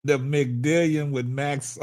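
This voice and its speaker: A man's voice: medium pitch, fairly even intonation, slow pace, a little mellow. A man hosting a live stream, laughing hard and whooping between casual remarks to his chat. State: laughing to tears. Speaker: livestream host.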